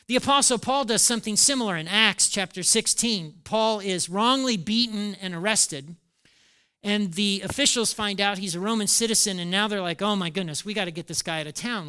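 Guy preaching a sermon, bright smooth voice, acts out the quotes. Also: high voice. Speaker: pastor.

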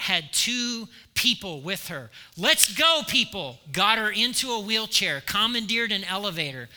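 A man gives a sermon in a church, his high, very bright voice carrying lively stories and repeated, emphatic points. A long reverb from the hall trails behind every phrase. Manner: animated storytelling with emphatic repetition. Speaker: pastor.

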